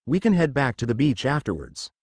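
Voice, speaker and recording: A man voicing a flustered young male ninja hero, gentle and reassuring, in a fan fiction audiobook. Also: mid-range voice, very animated, fairly quick, no room sound, clean studio sound.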